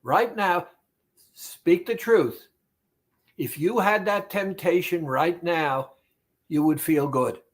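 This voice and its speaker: Male therapist, fairly high voice, slow and emphatic, motivational talk straight to the listener. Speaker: weight-loss therapist.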